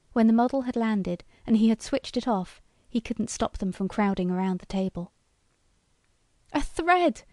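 Woman narrator reading a story, even and steady, dark dry tone. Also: mid-range voice, no room sound. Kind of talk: scripted narration.

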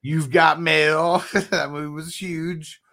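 A man co-hosting a podcast in easygoing casual chat, often answering with quick agreement. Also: on the high side, little pitch movement, vocal fry, bright, forceful tone. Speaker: podcast co-host.

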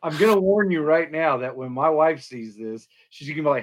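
A man's voice: mid-range voice, animated, moderate pace, roomy sound. A man hosting a casual interview, chiming in with brief reactions and asides.

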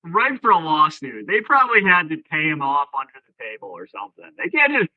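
A man's voice: a little high, huge pitch swings, fairly quick, dry recording. A man co-hosting a comedy podcast, adding wry asides and questions in casual chat. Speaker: podcast co-host. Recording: slightly dull, muffled sound.

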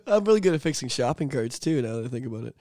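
A man's voice: a little high, dark tone, no echo, clean studio sound. Loose, swearing guy in his thirties. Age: 30s. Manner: rambling, swears freely, laughs often. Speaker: podcast co-host. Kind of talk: casual chat.

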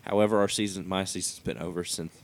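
Young male sports podcast co-host, lowish voice, laughs a lot, rambling opinions. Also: fairly even intonation, quick pace, dry recording. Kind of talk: casual sports chat.

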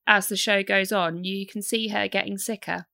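A young woman co-hosting a casual podcast chat, animated and swearing freely. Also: medium pitch, normal speed, creaky, no room sound, studio quality. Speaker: podcast co-host.

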